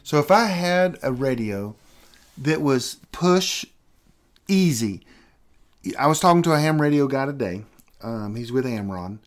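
A man's voice: mid-range voice, animated, unhurried, long pauses. A middle-aged man hosting a podcast, talking animatedly and acting out conversations in a casual rant. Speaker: podcast host. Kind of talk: casual ranting chat.

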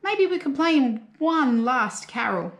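A woman voicing a cheerful, hopeful young female emu in a light, bright voice with a roomy echo. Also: sits high, very animated, unhurried, voice pushed up, heavily acted. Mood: earnest.

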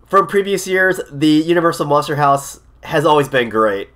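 A man vlogging casually to camera, excitable and rambling, often repeating himself and restarting sentences. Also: a little high, normal speed. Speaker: theme park vlogger. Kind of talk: casual vlog talk to camera.

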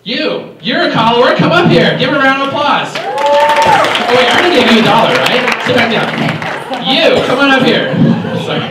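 Animated man talking to students in an echoey hall. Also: very high voice, moderate pace, recorded from a distance, a loud crowd, heavy background noise. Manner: playful, animated, talks straight to the audience. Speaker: motivational speaker. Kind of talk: motivational school assembly talk. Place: high school assembly hall.

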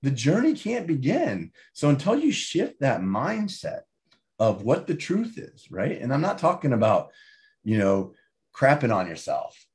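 A man talking as an interview guest and author, emphatic and animated, often tagging his points with "right?". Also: mid-range voice, a little slow. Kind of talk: casual interview talk.

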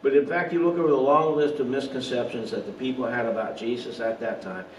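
A man's voice: mid-range voice, fairly even intonation, fast talker, a little hiss or hum. Male pastor, earnest sermon delivery, recorded from a distance in a roomy space with faint ambience. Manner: earnest preaching with rhetorical questions, some slips and asides. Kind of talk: online Bible study sermon.

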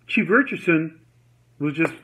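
A man's voice: a little high, expressive, measured pace, a bit bright. A man delivering an angry personal rant to camera, repeating himself, swearing and retelling what others said. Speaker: vlogger. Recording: dull lo-fi audio.

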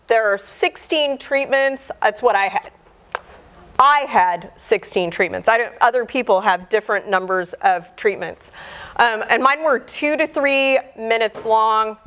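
Chatty, animated woman lecturer. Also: on the high side, unhurried, clean tone. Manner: chatty and animated, acts out quoted dialogue. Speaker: biologist giving a public talk. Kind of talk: informal lecture.

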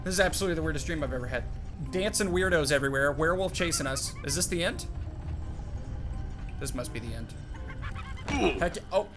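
A young man giving jokey, excited commentary as he plays a game, chatting to his companion and yelping at scares. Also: a little high, brisk, long pauses, over music. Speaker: gaming YouTuber. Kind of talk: excited let's-play commentary.

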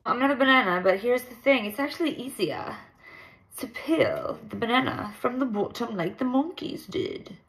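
A woman's voice: fairly high pitch, lively intonation, normal speed, gravelly, a bit bright. A young woman chatting casually to the camera for her vlog, bubbly and rambling. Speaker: vlogger.

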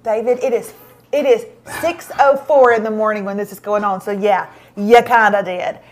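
A woman's voice: medium pitch, fairly even intonation, normal speed, a little hiss or hum. A middle-aged woman, hosting a show and telling a self-mocking story in casual chat. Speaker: show host.

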